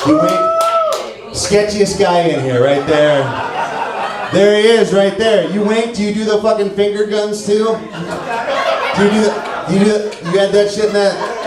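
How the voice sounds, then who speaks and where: A brash, foul-mouthed stand-up man works the crowd with a slightly high voice. He sounds set back from the mic in a very echoey club. A laughing audience fills the room behind him. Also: recorded from a distance. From St. Louis, Missouri. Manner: brash, profane, teasing the audience. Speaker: stand-up comedian. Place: comedy club stage before a laughing crowd. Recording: echoey club recording, mic heard from afar.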